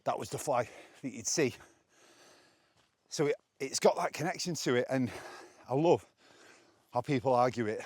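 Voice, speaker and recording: In a casual walking vlog monologue, an English man from England talks opinionatedly and casually to a camera on a stick while climbing hills outdoors, a bit out of breath. His voice is medium-pitched and darkish, with a moderate pace and long pauses, and the audio is clean studio sound with no room sound.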